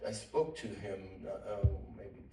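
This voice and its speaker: Low-voiced man reminiscing haltingly. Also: warm tone. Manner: halting, many restarts. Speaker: actor on a panel. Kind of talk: reminiscing at a panel Q&A. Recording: roomy hall, distant mic, faint noise.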